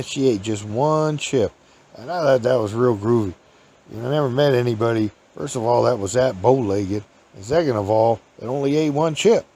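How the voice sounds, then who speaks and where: A man's voice: medium pitch, moderate pace, mellow, a little hiss or hum. A man hosting a podcast, telling folksy, rambling stories in a casual chat with chuckles. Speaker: podcast host. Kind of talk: casual storytelling.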